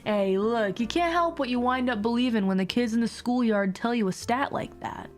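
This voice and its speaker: A woman's voice: on the high side, fairly quick, faint music behind. A young woman streamer with a mild sore throat, chatting casually and rambling with frequent laughs. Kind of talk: casual livestream chat.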